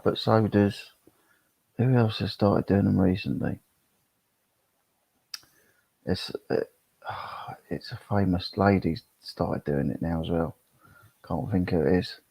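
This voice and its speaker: Deep gravelly man chatting on a live stream. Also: a little mellow, dry recording. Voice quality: gravelly, husky. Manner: rambling, reads chat comments aloud. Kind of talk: casual live-stream chat. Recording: dull, lo-fi sound.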